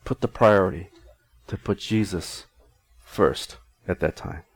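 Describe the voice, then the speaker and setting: A man's voice: low-pitched, unhurried, vocal fry, slightly rough. A middle-aged male pastor preaching a conversational sermon in an earnest tone, often restarting his sentences.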